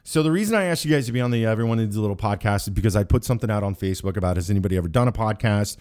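Low-voiced man hosting a rambling podcast. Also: expressive, racing, darkish tone. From Kansas. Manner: rambling, joking, full of restarts. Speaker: podcast host. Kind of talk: casual podcast chat.

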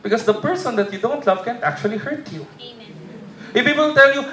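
A Filipino man preaching a lively sermon as a pastor, often asking the congregation if they are with him. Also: extremely high pitch, fairly quick. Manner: animated, audience-prompting, humorous. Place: church. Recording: echoey church hall with congregation.

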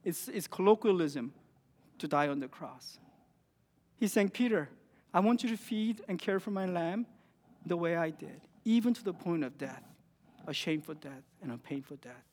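A man with a high voice preaches a sermon, pressing points with rising emphasis and then sinking to near-quiet lines. The sound carries a long reverb from a large church hall. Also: expressive, moderate pace, slightly rough. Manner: earnest, rising emphatic phrases with quiet drops.

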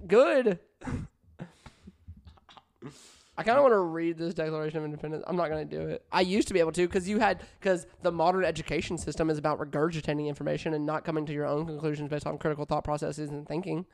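A man's voice: a little high, steady tone, quick pace, vocal fry, darkish tone. A man co-hosting a podcast, trading crude jokes in casual banter. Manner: crude, joking, often breaks into laughter. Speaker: podcast co-host.

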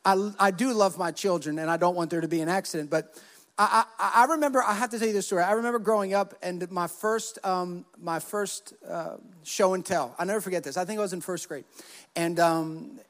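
A man preaching as a pastor, telling stories in an animated way and acting out the quotes. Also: high-pitched, fairly quick, long reverb tail. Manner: animated storytelling, acts out quotes. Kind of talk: sermon with personal stories.

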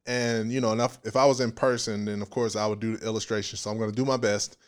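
A man preaching a casual sermon in an animated, playful way, with slang and frequent laughs. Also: lowish voice, fast talker, smooth.

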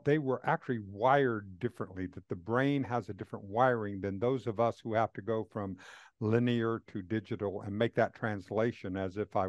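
Low-voiced man asking winding questions. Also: a little mellow, no room sound. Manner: asks long, winding questions with hesitations. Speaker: host. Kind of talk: casual interview conversation.

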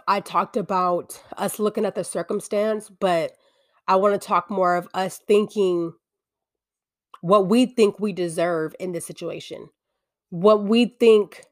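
A woman's voice: lowish voice, no room sound, clean studio sound. A woman giving an earnest, confessional faith-based talk, often restarting her sentences.

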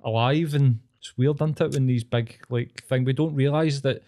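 A young Scottish man talks with eager, sweary enthusiasm in relaxed banter. His tone is mellow and darker than most, at an ordinary pitch. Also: normal speed. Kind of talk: casual chat.

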